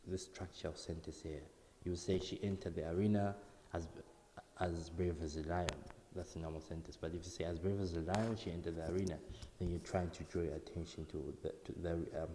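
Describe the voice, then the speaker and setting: A man's voice: low-pitched, mellow, a little hiss or hum. A man teaching a writing lesson, explaining step by step and repeating words for emphasis. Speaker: English teacher. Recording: echoey room with long reverb.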